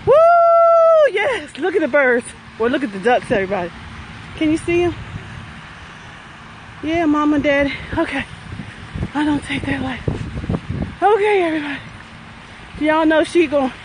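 A cheerful, high-voiced woman chats to her viewers as she power-walks through a garden by a lake. She keeps the energy up and hypes herself along the way. The phone audio picks up a clear wash of passing traffic and city noise. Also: rough recording. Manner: upbeat and cheering, talks while walking briskly. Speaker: wellness facilitator hosting a walking livestream. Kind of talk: live walking vlog, chatty. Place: outdoors in a lakeside garden with traffic nearby.

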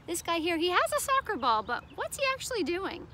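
Bright, lively woman teacher reading aloud. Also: extremely high pitch, fairly quick, slight background noise. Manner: sing-song, asks children questions. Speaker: preschool teacher. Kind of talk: reading a picture book aloud to children.

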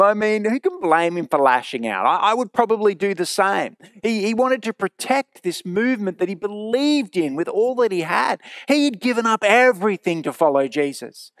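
Man preaching, earnest, emphatic, repeats key lines slowly, dry sound. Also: high-pitched, fairly bright tone, no echo. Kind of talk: sermon. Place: church.

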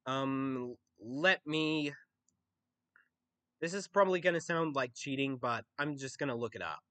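A man's voice: medium pitch, a little slow, fairly bright tone, no room sound. A young Australian man answering viewer questions in a casual Q&A video, often noncommittal and hesitant. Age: young adult. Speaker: YouTuber.

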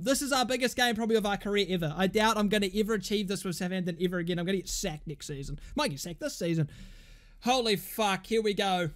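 A young man, commentating on his own football management game in an excitable, sweary way. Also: sits high. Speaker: gaming YouTuber.

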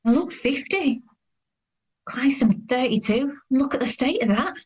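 A woman's voice: high voice, lively intonation, measured pace, husky, exaggerated voice. A woman in her thirties narrating in the first person as a weary, self-conscious woman, with a dry, sardonic tone. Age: 30s.

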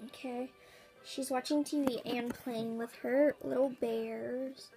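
A woman's voice: a little high, fairly even intonation, slow, vocal fry, music in the background. A young woman filming a casual vlog at home, rambling and tired, saying "like" a lot. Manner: rambling, bored, says "like" often. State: tired, yawning. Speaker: vlogger. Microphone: phone camera.

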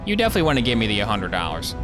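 A man giving casual, sarcastic let's play commentary as he plays, with joking asides and sudden excited yelps. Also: lowish voice, very fast, music in the background. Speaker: gameplay streamer.

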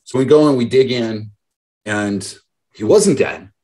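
Unhurried and mellow, a mid-range male voice carries this motivational talk to a group call. The speaker, a business mentor in his thirties, tells stories and takes on the voices of the people he quotes.

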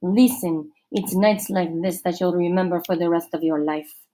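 A woman's voice: lowish voice, steady tone, moderate pace, dark tone, natural voice, low-quality recording. A woman reading a storybook aloud, voicing a confident twelve-year-old boy who talks like a wise old man. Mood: dreamy.

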